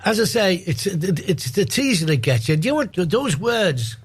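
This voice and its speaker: A man's voice: high voice, very animated, moderate pace, a little hiss or hum. A man hosting a radio interview, often stumbling over his words and restarting. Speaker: radio host.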